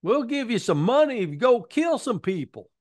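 A man's voice: extremely high pitch, sing-song, normal speed, pitched above the performer's own voice. A man putting on a mocking hillbilly accent to play a dim-witted rural man.

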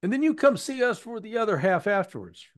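A man's voice: high voice, very animated, a little fast, voice pushed up. A man putting on a mocking hillbilly accent to play a dim-witted rural man.

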